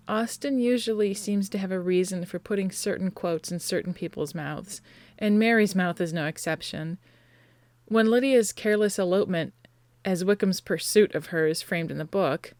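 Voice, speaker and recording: A woman presenting a casual, chatty talk on novels, full of quick asides. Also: medium pitch, darkish tone. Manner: chatty, quick asides, mimics characters she discusses. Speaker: conference presenter.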